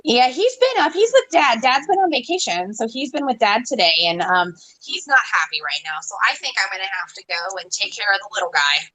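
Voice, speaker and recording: A woman co-hosting a casual live stream over a video call, friendly and quick to laugh. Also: on the high side, lively intonation, pushed and bright, rough recording. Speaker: co-host.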